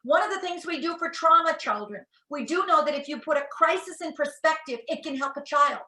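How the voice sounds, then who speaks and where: A woman in her sixties giving an animated talk to parents as a psychologist, acting out quotes as she tells stories. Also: high voice, brisk, echoey room, low-quality recording. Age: 60s. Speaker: educational psychologist speaker.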